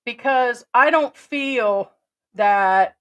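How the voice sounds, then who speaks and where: A woman's voice: a little high, drawn-out words, low-quality recording. An American woman giving blunt, profane, rambling commentary as an expat vlogger. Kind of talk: casual vlog commentary.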